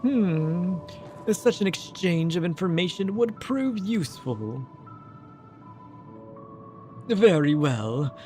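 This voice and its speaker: A man reading the lines of a solemn, otherworldly ghostly creature in a stately, measured way. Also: high-pitched, lively intonation, darkish tone, soft background music, pitched above the performer's own voice.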